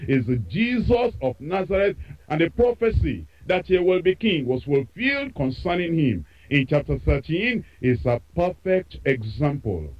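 A man preaching a sermon, with emphatic repetition and expressive delivery. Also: fairly high pitch, normal speed, dull audio.

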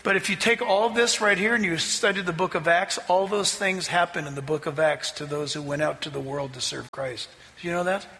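A man preaching a sermon as pastor, telling a story with animated delivery that rises toward near-shouting at the climaxes. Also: on the high side, fairly quick, creaky. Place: church sanctuary. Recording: hall reverb, faint ambience.

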